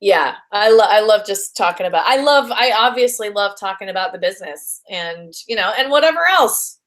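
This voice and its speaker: A woman's voice: medium pitch, animated, moderate pace, a bit bright. A young adult woman, a voice actress guest, chatting in an interview in a bubbly, gushing way with lots of fillers and restarts. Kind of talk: casual interview chat.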